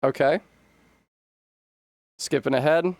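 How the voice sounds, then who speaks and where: A man's voice: a little high, slow pace, gravelly, a little mellow, no room sound. A man with a Rhode Island accent, chatting casually and wordily while streaming a game. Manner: articulate, wordy, self-mocking. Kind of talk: casual gaming livestream chat.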